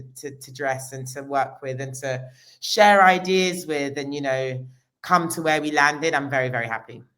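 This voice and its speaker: A woman's voice: low-pitched, a bit bright. A woman, a costume designer talking casually in an interview, with many restarts. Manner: chatty, many restarts and fillers.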